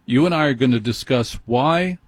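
A man's voice: mid-range voice, moderate pace, dry recording. A man hosting a late-night call-in radio show, telling a wry, self-deprecating story in a conversational way. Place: radio studio.

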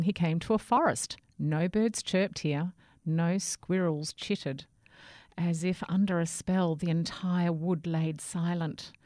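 Slow, low-voiced woman storyteller. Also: dry recording, clean studio sound. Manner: slow, deliberate, expressive. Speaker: narrator. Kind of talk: storybook reading aloud.

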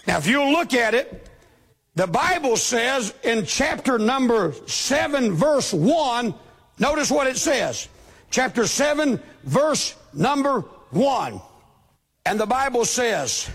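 A man preaching a sermon, with a shouting preacher's cadence, acting out the voices he quotes. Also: extremely high pitch, very animated, takes it slowly, gravelly, breathy edge. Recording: long hall reverb.

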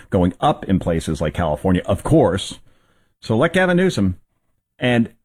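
A man's voice: on the low side, darkish tone, husky. A man hosting a news commentary show, talking in a rambling, conversational way. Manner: rambling, conversational, with fillers and restarts.

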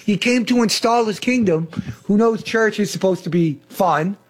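A man's voice: sits high, moderate pace. A man hosting a faith talk show, preaching with fervent emphasis. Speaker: host, preacher.

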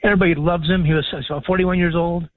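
An emotional man in his sixties calling in to a radio talk show, choked up as he speaks. His voice sits a little high and comes through a dry, tinny phone line. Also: steady tone, fast, no echo. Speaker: caller.

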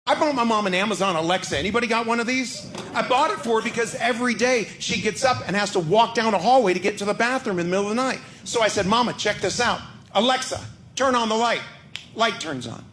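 A man telling a stand-up story quickly, with exasperated energy. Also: high voice, a bit bright, a little hiss or hum. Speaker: stand-up comedian. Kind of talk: stand-up comedy set.

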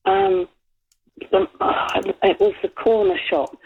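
An older woman with an English accent is telling a story down a tinny phone line. Her voice is husky and a little breathy. She rambles and giggles, and she stops often to search for her words. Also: fairly high pitch, very animated, slow. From England. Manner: chatty, giggly, hesitant and rambling. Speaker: radio caller. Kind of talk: phone-in chat.

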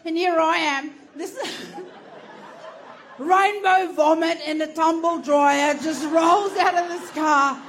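A woman's voice: extremely high pitch, unhurried, hardly any pauses, slight background noise. A woman doing stand-up, telling a story animatedly, swearing and laughing through it. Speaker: stand-up comedian.

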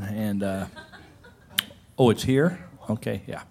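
A man's voice: fairly low pitch, very animated, slow, gravelly, pauses often, darkish tone. A man performing stand-up, telling wry anecdotes. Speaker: stand-up comedian. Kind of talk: stand-up comedy set. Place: comedy club stage.

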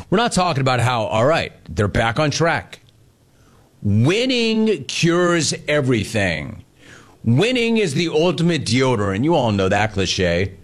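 A man hosting sports talk radio, riffing sarcastically and telling stories to his listeners. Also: medium pitch.

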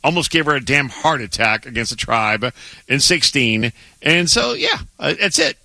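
A man's voice: medium pitch, sing-song, moderate pace, creaky, pushed and bright, no room sound. A man with a Southern American accent co-hosting a sports radio show, talking emphatically with lots of stammering restarts. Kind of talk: casual sports radio banter.

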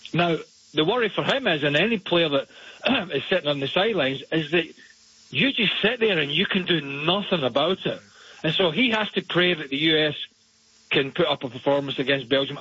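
A man's voice: on the high side, lively intonation, a little fast, sharp tone, breathy edge, no room sound. A man working as a soccer analyst, giving blunt, opinionated analysis on a sports radio show. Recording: dull, lo-fi remote line.

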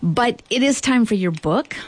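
A woman's voice: on the high side, animated, moderate pace, dry recording. A woman host in casual chat, bubbly and playful.

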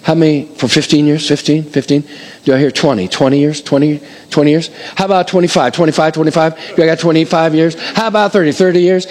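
Male pastor in church, voice on the higher side; energetic, emphatic preaching that slows down to stress key points. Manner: animated, counts up the years like an auctioneer. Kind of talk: sermon.

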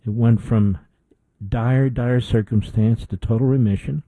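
Middle-aged guy ranting on his talk show, repeats himself for emphasis, warm low tone, dead dry room. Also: fairly even intonation, measured pace, no echo, rough recording. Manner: indignant, emphatic repetition. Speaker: political talk host. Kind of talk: opinionated monologue.

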